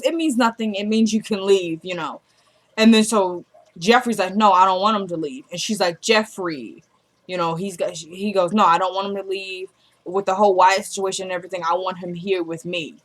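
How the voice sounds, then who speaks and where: Chatty woman recapping a TV episode. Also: mid-range voice. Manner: retells dialogue, dropping to a quieter voice for quoted characters; chatty, loose, with frequent asides to viewers. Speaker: vlogger recapping a TV drama episode. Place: at home.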